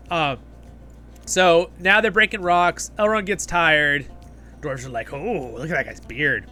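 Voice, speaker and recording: Bright, lively man gushing in a review. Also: mid-range voice. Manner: enthusiastic, rambling, keeps asking "right?". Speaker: host of a fan review channel. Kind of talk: casual episode review.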